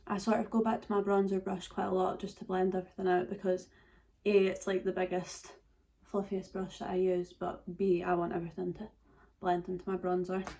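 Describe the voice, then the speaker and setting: A woman's voice: on the low side, little pitch movement, a little fast, vocal fry, warm tone. A nineteen-year-old Scottish woman chatting casually through a makeup tutorial, full of fillers and dropping into whispers at times. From Scotland. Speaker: beauty vlogger.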